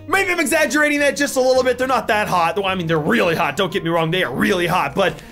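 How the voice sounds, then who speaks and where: A young man with a very high, bright voice, riffing through casual gaming commentary from a desk mic at home. He jokes constantly and breaks into loud, excited shouts. Faint music plays underneath. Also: fast talker. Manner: excitable, joking, bursts into shouts. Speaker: YouTuber.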